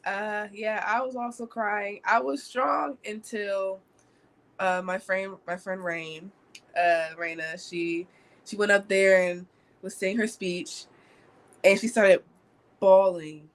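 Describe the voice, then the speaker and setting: A young woman, a youth program participant, speaking softly and gratefully with halting pauses. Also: mid-range voice, steady tone. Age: young adult. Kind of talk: casual emotional testimony.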